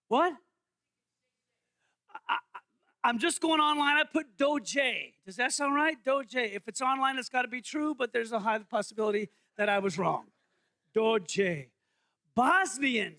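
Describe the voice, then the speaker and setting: A man's voice: very high voice, fairly bright tone. A male pastor giving a playful, interactive sermon in a church, quizzing the congregation. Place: church sanctuary.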